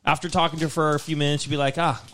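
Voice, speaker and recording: A man's voice: fairly high pitch, racing. A man telling a long story as a podcast co-host, swearing and acting out the voices of the people in it. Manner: animated, swearing, acts out quoted voices. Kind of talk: casual storytelling.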